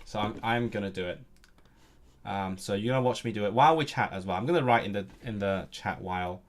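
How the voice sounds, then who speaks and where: A young man streaming casually, reading aloud and thinking out loud, often stumbling and restarting his sentences. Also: lowish voice, a little fast. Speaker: language-learning streamer.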